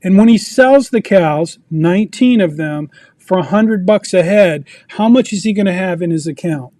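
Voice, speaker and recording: A man's voice: high voice, normal speed, dark tone, no room sound. A man presenting a personal finance lesson to a group, telling a story and quizzing the audience as he goes. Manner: asks the audience questions, storytelling. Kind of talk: interactive teaching talk. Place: video meeting.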